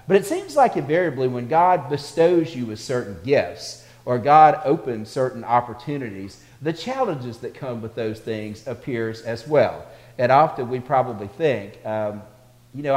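Guy preaching a sermon in a big echoey church, mid-pitched voice, tells stories and builds it up. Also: lively intonation, moderate pace, darkish tone. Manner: storytelling preacher, builds in volume for anecdotes. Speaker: pastor. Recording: echoey hall.

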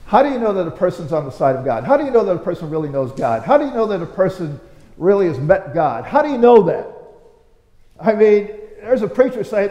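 A man's voice: on the high side, expressive, fairly quick, warm tone, highs cut off. A man preaching a conversational, story-driven sermon, firing off rhetorical questions with sudden emphatic bursts. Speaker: pastor. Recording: roomy with long hall reverb.

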